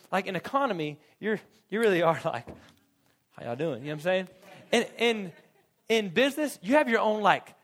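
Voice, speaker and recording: A young man with a drawl preaches in a lively storytelling way, his slightly high voice jumping around as he laughs through his own story. He acts out little bits of dialogue as he talks to the room. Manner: animated storytelling, laughs often, acts out quotes. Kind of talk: sermon with humorous personal story.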